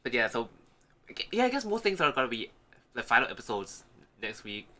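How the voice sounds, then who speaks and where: Male podcast co-host, very bright tone, rambling casual delivery. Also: mid-range voice, sing-song, brisk. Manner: rambling, filler-heavy, many restarts. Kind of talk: casual chat.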